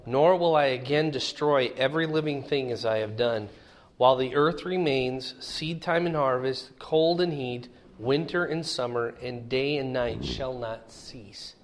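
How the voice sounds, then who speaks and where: A man's voice: mid-range voice, a little slow. A middle-aged man teaching a conversational Bible lesson in a folksy way, often checking in with his listeners. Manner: folksy, asks the listeners questions.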